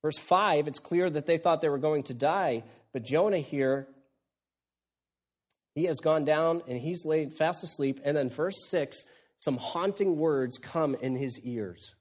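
A man preaching an expository sermon, moving between hushed lines and loud, exclaiming ones. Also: on the high side, measured pace. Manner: animated, swings from hushed to exclaiming.

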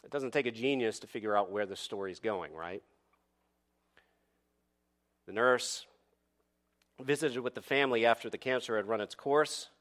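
Bright-voiced man preaching a sermon. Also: mid-range voice. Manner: expressive preaching with dramatic pauses and rhetorical questions. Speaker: pastor.

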